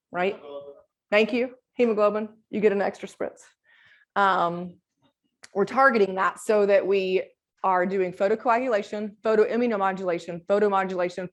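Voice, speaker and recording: A middle-aged woman optometrist giving a conference lecture in a chatty way, acting out stories about her patients. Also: mid-range voice.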